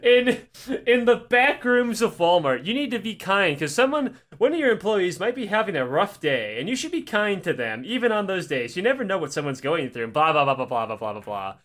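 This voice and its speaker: A man co-hosting a podcast, telling a rambling, profane, animated anecdote in casual chat. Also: high-pitched, brisk. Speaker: podcast co-host. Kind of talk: casual comedic storytelling.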